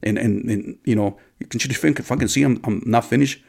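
A man's voice: medium pitch, a little fast, vocal fry, a little mellow, husky. A man voicing a rude male hotel guest who swears at him aggressively. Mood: hostile. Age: about the narrator's age.

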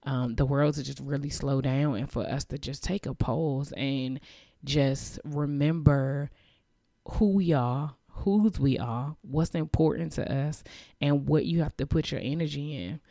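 A woman's voice: rumbling low, a little slow, creaky, warm tone, dry recording, clean studio sound. A woman hosting a podcast, giving a heartfelt, emotional, faith-based message of encouragement. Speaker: podcast host.

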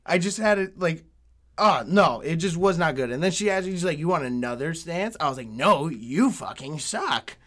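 A young man telling a story in casual chat, swearing often, laughing and getting animated. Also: a little high, brisk.

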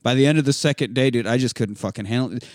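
A man casually recapping a movie with a co-host, profane and animated, acting out characters in sudden shouted voices. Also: medium pitch, rapid-fire, dry recording, studio quality. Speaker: podcast co-host.

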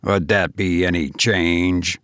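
A man's voice: fairly even intonation, slow, fairly bright tone, no room sound, studio quality. A man voicing a stern, short-tempered man who speaks bluntly and with restraint. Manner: blunt, curt, low and restrained.

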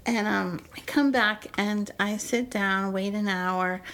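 An older woman telling stories in a casual, lively way, slipping into playful voices now and then. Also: mid-range voice, slow, slight background noise, low-quality recording. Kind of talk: casual storytelling.

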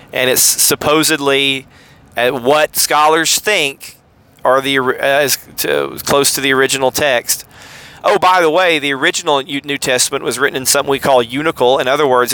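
Bright Southern-accented man explaining casually. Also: medium pitch, clean tone, poor audio. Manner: rambling, self-correcting, with many fillers. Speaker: podcast host. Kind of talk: casual teaching monologue.

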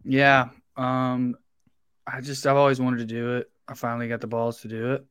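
A man's voice: mid-range voice, completely flat delivery, moderate pace, fairly bright tone, clean tone, dry recording, clean studio sound. A man in his thirties with a Tennessee accent, a comedian guest telling candid, profane stories in casual chat. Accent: Southern US (Tennessee). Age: 30s.

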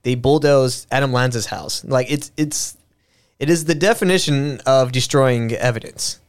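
Speaking at a moderate pace in a smooth, mid-range voice, this man hosts a podcast. His casual conversational commentary wanders, full of fillers, restarts and frequent profanity.

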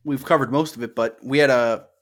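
A young man co-hosts a laid-back podcast and chats about the latest matches. He is loose and profane and builds excitement as he goes. He often keeps talking right over his co-host. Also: medium pitch, brisk. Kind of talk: casual wrestling podcast chat.

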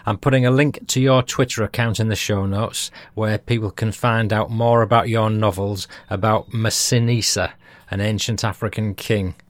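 A man's voice: lowish voice, steady tone, moderate pace, dry recording. Brief: British male podcast host, chatty and self-amused, close dry mic. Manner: chatty, chuckles at his own jokes. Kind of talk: reading listener feedback.

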